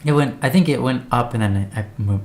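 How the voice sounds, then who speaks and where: A man's voice: medium pitch, quick pace, background noise. A man co-hosting a casual livestream, telling stories and reading viewer messages aloud. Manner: chatty storyteller, reads viewer messages aloud. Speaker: co-host.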